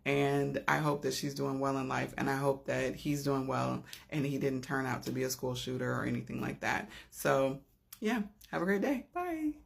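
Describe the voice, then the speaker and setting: A woman earnestly telling a personal story from an encounter, heartfelt, swinging between loud and hushed moments. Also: extremely low pitch, moderate pace, vocal fry.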